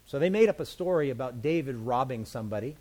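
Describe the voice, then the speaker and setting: Mellow-voiced pastor teaching the Bible. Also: male voice, mid-range voice, expressive, fast. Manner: conversational, explains scripture in plain everyday words.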